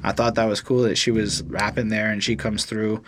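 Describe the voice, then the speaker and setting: A man's voice: on the low side, level tone, normal speed, fairly bright tone, slight background noise. Profane, rambling man reviewing music. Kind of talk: casual podcast review.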